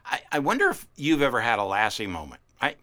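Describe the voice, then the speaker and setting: Bright-voiced folksy pastor in his fifties. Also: medium pitch, huge pitch swings, fast. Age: 50s. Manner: folksy, storytelling, playful voices for characters. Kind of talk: casual sermon.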